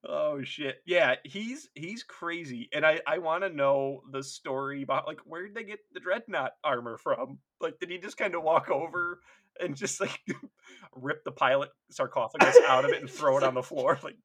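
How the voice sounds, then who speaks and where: A man co-hosting a podcast in a casual, profane, animated chat, laughing often. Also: a little high, normal speed. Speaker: podcast co-host.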